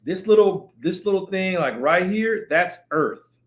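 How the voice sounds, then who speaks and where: A man's voice: high-pitched, lively intonation, a little slow. Rambling, jokey male live streamer. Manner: rambling, jokey, greets viewers by name. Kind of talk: casual live-stream chat. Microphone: streaming setup mic.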